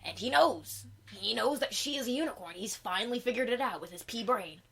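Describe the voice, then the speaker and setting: A woman's voice: a little high, animated, fairly quick, gravelly, fairly bright tone, husky, heavily acted. A woman playing a laid-back male troll clown, recapping a film in slangy, profane rambling. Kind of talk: in-character comedy recap.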